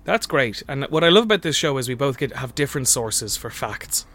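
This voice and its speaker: A man's voice: mid-range voice, lively intonation, fairly quick, a bit bright. A man co-hosting a comedy podcast, chatting casually, often stumbling over and restarting his words. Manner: stammering, restarts words, laughs at own bits. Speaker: podcast co-host. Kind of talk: improvised comedy podcast banter.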